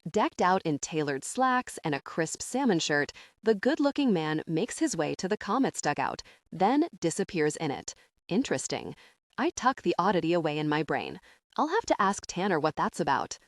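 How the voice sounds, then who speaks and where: A woman narrating a first-person audiobook in an expressive, upbeat storytelling manner. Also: fairly low pitch, normal speed, no room sound, clean studio sound.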